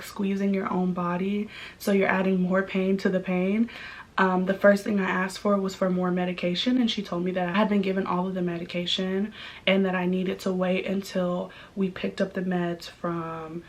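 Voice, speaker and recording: A young woman talks straight to her audience in a casual vlog, chatty and candid. Her voice sits at an ordinary middle pitch, and she keeps an easy storytelling flow, scattered with likes and ums. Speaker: vlogger.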